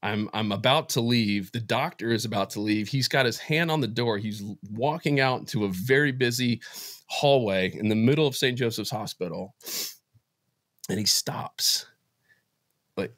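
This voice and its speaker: A man's voice: medium pitch, a bit bright, no echo. Earnest man telling a personal story, dry sound. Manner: earnest and emotional, halting restarts. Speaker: podcast guest, business founder. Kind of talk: casual interview, personal faith story.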